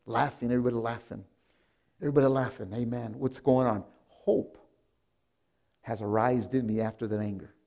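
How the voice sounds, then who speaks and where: A man pastor preaching a sermon, telling a story in a hushed voice and then breaking into loud, animated exclamations. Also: medium pitch, gravelly. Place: church sanctuary.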